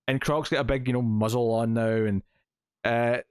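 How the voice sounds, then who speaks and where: On a comic-review podcast, a male co-host with a medium-pitched, steady, smooth voice recounts a comic's plot at a moderate pace. His casual chat is full of fillers and acted quotes, recorded dry at studio quality.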